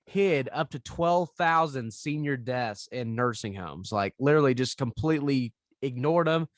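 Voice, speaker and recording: A man's voice: mid-range voice, lively intonation, normal speed, no echo, clean studio sound. Crude, joking male podcast host. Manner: crude, joking, laughs often, reads news aloud. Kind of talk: casual chat.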